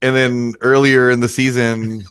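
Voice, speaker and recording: A man's voice: medium pitch, flat delivery, unhurried, fairly bright tone, smooth. A man co-hosting a podcast, chatting casually with frequent profanity and laughter. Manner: laughs often, loose and profane. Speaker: podcast co-host.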